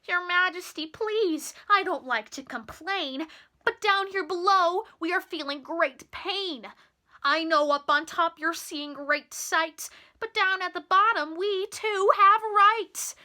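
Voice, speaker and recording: A humble little male turtle pleads and groans from the bottom of a stack, as a woman reading a storybook puts him on. The voice is high and bright. It sounds strained and polite. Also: takes it slowly, exaggerated voice. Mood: groaning.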